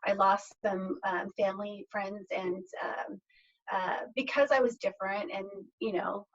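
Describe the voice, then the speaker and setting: A woman's voice: mid-range voice, steady tone, unhurried. A middle-aged woman, a podcast guest, telling a personal story in an earnest, reflective way and often restarting her phrases. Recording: slightly dull lo-fi audio.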